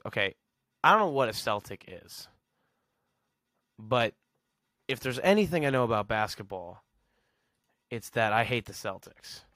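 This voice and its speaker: A man's voice: mid-range voice, fairly bright tone, clean tone, no echo, studio quality. A man hosting a podcast, rambling sarcastically in a casual solo rant and chuckling at his own jokes. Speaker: podcast host.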